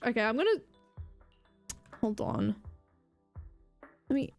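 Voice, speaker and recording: High, lively-voiced woman streamer. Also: takes it slowly, long pauses, faint music behind. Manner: rambling, swearing, self-mocking. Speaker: live streamer. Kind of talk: casual live-stream chatter.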